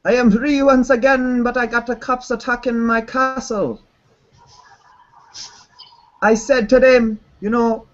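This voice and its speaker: A man hosting a casual online chat, teasing in a deadpan way with oddly broken phrasing. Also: very high voice, measured pace, pauses often. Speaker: channeler hosting a hangout. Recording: dull lo-fi call audio.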